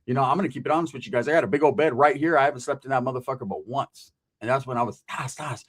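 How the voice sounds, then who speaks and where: A man and former convict telling a story in casual, profane street slang, animated, swearing and laughing at his own jokes. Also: mid-range voice, very fast.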